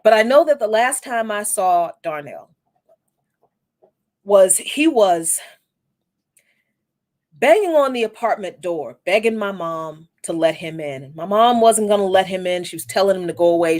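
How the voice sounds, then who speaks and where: A woman's voice: mid-range voice, animated, a little slow, pauses often. Candid woman telling a personal story. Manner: reflective, candid, with frequent restarts and casual profanity. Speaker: podcast host.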